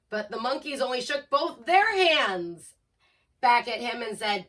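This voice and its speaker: Slow expressive woman reading picture book aloud. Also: on the high side. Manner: expressive, asks listeners questions. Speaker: storyteller.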